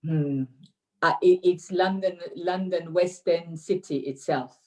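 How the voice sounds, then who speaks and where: A low-pitched woman in her sixties speaks English with a Danish accent. She talks over a video call, pausing often, and she fills her answers with "uh" and restarts. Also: dark tone. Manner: hesitant, many fillers and restarts. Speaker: interview guest, dance teacher. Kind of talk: casual remote interview.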